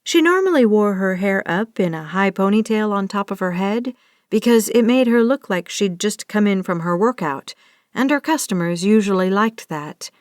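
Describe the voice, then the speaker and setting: Woman narrator, romance audiobook, steady storytelling, mid pitch, dry close studio sound. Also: moderate pace, no room sound. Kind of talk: scripted narration.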